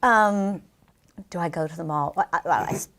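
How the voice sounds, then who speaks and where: A middle-aged woman from New Jersey, a guest performer chatting in an interview, bubbly and quick to laugh. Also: lowish voice, fairly bright tone. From New Jersey, USA. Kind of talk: casual interview chat.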